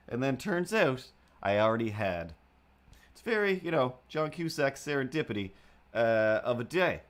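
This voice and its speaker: A young man with an animated mid-range voice, speaking at normal speed, hosts a livestream and chats casually while drawing. He meanders, often drifting off topic, and jokes goofily at his own expense.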